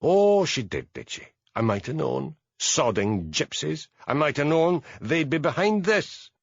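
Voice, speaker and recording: A man's voice: fairly high pitch, sing-song, a little slow, no room sound, highs cut off, pitched above the performer's own voice, exaggerated voice. A man voicing a brash, impatient male police chief in an audiobook, blustering and scornful.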